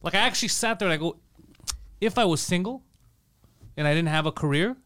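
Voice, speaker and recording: Fast, profane man telling stories. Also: high voice. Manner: animated, profane storytelling with quoted voices. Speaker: podcast co-host. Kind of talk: casual podcast banter.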